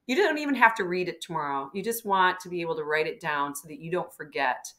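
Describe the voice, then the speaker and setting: A woman physician giving health advice on a webinar over a video call, talking in an animated way and now and then clearing her throat. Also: on the low side, quick pace, hardly any pauses. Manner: animated, acting out patients' words, frequent throat clearing. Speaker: physician guest.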